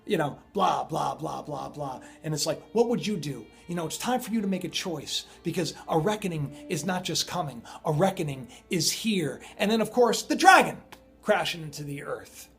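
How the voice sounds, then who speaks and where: Man, high-pitched, casual rambling monologue, chatty, soft background music. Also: expressive, fairly quick, hardly any pauses. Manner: rambling, chatty, with many fillers and "right?". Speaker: prophecy video host. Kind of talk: casual monologue on end-times signs.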